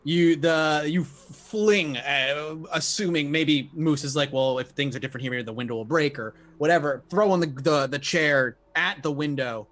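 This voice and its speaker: A man's voice: on the high side, moderate pace, few pauses, a bit bright. A man narrating as game master of a tabletop role-playing game, laid-back and chuckling.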